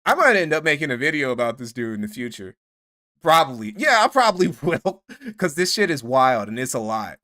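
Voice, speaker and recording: A man's voice: medium pitch, sing-song, a little fast, sharp tone. A man streaming commentary, swearing freely, mocking his targets and thanking donors. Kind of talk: casual live-stream commentary.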